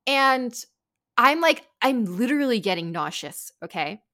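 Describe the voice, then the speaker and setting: A woman hosting a podcast, telling a story in casual chat, animated, swearing and saying "like" a lot. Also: a little high, a little slow. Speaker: podcast host.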